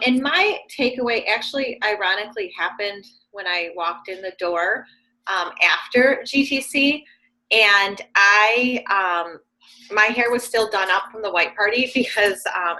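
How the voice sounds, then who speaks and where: A woman tells a story in a casual group call, starting hesitantly with plenty of "um"s. Her voice is bright and forward. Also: mid-range voice, measured pace, low-quality recording.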